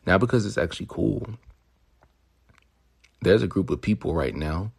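A man's voice: low-pitched, lively intonation, normal speed, gravelly, breathy edge. A young man hosting a podcast, talking in a rambling, swaggering, profane monologue, with crude jokes and mock-lecture asides. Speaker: podcast host.

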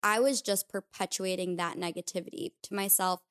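A woman hosts a personal podcast and reflects candidly on her own experiences. Her voice is smooth and clear, pitched in the middle range. She talks casually and openly, with a loose, confessional flow. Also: fairly even intonation, a little fast, fairly bright tone. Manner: candid, confessional, uses filler "like". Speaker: podcast host.

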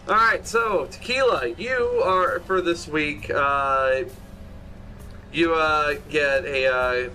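A man narrating as game master for a tabletop role-playing session, halting often with fillers. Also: a little high, bright, forceful tone, a little hiss or hum. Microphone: streaming setup with audio box.

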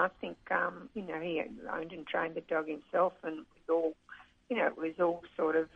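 A woman's voice: fairly low pitch, vocal fry, breathy edge, no room sound. A woman, a racing club manager interviewed by phone, talking fondly with many hesitations and restarts. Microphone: telephone. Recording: tinny phone line.

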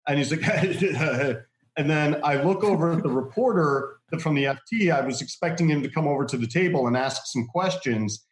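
A man casually telling a long anecdote, animated, laughing often and acting out what others said. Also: fairly high pitch, moderate pace, reverberant. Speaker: guest telling a story.

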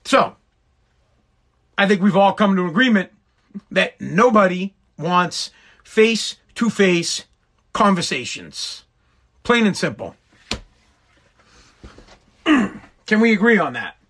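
Man, thirties, podcast host, exasperated profane rant, very high pitch, bright tone. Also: big pitch swings, slow pace, pauses often. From Woburn, Massachusetts, USA. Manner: swearing, exasperated, emphatic.

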